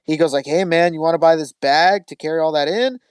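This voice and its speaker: A man's voice: a little high, quick pace, clean tone, no room sound. A man hosting a podcast, telling a story in casual chat, swearing freely and acting out quotes. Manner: profane, animated storytelling with acted quotes. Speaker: podcast host.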